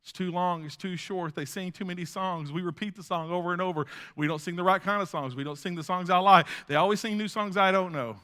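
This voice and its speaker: A male pastor preaching a sermon in an animated way, swinging from loud bursts down to hushed asides. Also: high-pitched, fast, hardly any pauses.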